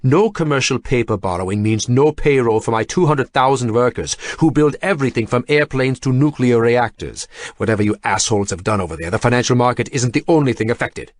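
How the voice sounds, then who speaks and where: A man's voice: medium pitch, very animated, moderate pace, hardly any pauses. A man reading an audiobook, voicing a powerful older industrialist who growls angrily over a phone line. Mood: furious. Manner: growling, blunt, swearing.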